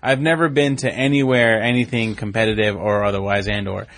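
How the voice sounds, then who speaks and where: A man co-hosting a casual wrestling podcast, talking in an excitable way, jumping in often and laughing easily. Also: fairly low pitch, brisk. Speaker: podcast co-host.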